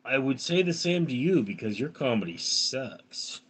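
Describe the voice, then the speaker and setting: A man's voice: mid-range voice, sing-song, measured pace, a bit bright, slightly rough. Round-voiced man chatting on a live stream. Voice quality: round, resonant voice. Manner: reads viewer comments aloud and answers them. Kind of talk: casual live-stream chat.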